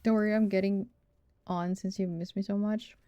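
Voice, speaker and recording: A woman's voice: mid-range voice, fairly even intonation, moderate pace, warm tone, no room sound. A young woman streamer chatting casually on a desk mic and playfully humming nonsense syllables and meowing between her chatter. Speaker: game streamer.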